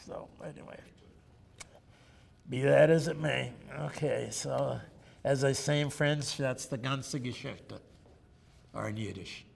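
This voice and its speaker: In a faintly ambient room with long reverb, an older man wearing a lapel mic chats and jokes through personal stories for an oral history interview. His gravelly voice sits at medium pitch, a little mellow, and he keeps a measured pace.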